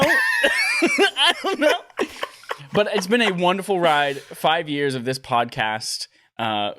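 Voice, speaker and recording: A man's voice: mid-range voice, a bit bright, no room sound, clean studio sound. A man hosting a casual gaming podcast from his living room, joking loosely and swearing freely. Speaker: podcast host.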